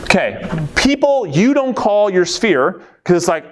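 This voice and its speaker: A man leading a live coaching session for real estate agents, energetic and conversational, checking in with the room and acting out quick bits of dialogue. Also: high-pitched, a little hiss or hum. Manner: acts out quick quoted dialogue.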